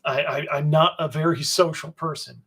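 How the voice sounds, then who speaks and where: Gravelly guy rambling on a livestream, kinda high voice, sardonic and sweary. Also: fairly even intonation, normal speed, a bit bright. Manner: sardonic, swears, trails off with fillers. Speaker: publisher hosting a livestream. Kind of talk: rambling livestream chat answering viewers.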